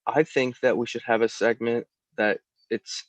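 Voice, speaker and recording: Man, podcast co-host, teasing, laughs a lot, repeats himself, mid pitch, dry. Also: level tone, moderate pace, no echo. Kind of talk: casual chat.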